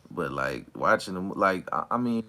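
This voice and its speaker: A man hosting a relaxed livestream chat, talking in a slangy, drawling way while high. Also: moderate pace, vocal fry. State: high from smoking. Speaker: livestream host. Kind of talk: casual chat with live chat viewers. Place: outdoors or near an open back door, windy. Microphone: phone.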